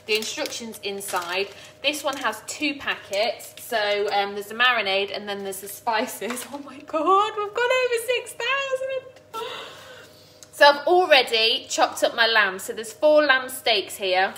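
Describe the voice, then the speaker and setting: Woman doing a cooking live from her kitchen, kinda high voice, bubbly and giggly. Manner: bubbly, excitable, quick to laugh and tear up. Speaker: cooking livestream host. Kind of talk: chatty live cooking stream. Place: home kitchen.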